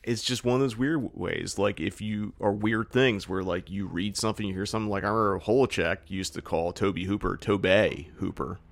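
A man's voice: fairly low pitch, fairly even intonation, a little fast, creaky, few pauses, no echo. A man co-hosting a podcast in casual chat, swearing freely and laughing at himself. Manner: swearing, self-deprecating, laughs often. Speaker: podcast co-host.

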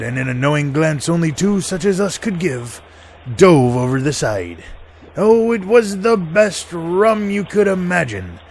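A man's voice: high voice, a little hiss or hum. A man hosting a podcast in a comic pirate character, with a mock pirate accent, laughing at his own jokes.

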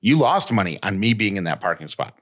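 Podcast co-host, man in his thirties, lively storyteller whose voice swings widely while acting out both sides. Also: fairly low pitch, brisk. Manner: animated, acts out both sides of an exchange. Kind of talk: casual chat, storytelling.

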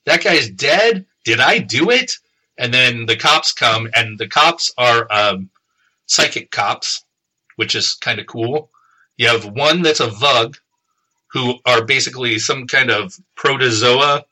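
A man co-hosting a podcast, casually retelling a novel's plot with profanity and quick voiced quotes. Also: mid-range voice, sharp tone, low-quality recording. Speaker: podcast co-host summarizing the book. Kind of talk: casual chat.

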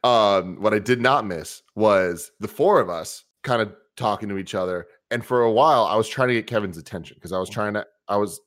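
A man co-hosting a casual chat show, telling animated stories with frequent laughter and swearing. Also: lowish voice, a little fast, few pauses. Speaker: co-host.

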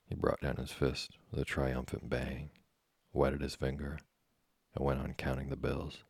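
A man narrates an audiobook in an even, unhurried manner. His voice sits extremely low and has a gravelly creak. The recording is dry and close. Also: no room sound. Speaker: audiobook reader.

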